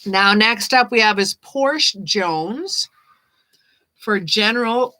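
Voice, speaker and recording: A woman giving tarot readings on a casual live stream, chatting and reading card meanings aloud as she thinks out loud. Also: medium pitch, expressive, slow pace, poor audio. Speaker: tarot reader.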